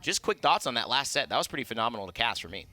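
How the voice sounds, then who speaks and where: Bright, upbeat male esports desk host. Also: mid-range voice, big pitch swings, very fast. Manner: upbeat, chatty, with some restarts. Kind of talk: live esports desk analysis.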